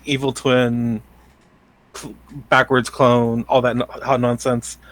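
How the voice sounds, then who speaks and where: A man's voice: mid-range voice, flat delivery, takes it slowly. A man co-hosting a podcast, loose and enthusiastic in casual chat, with some cursing. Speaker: podcast co-host.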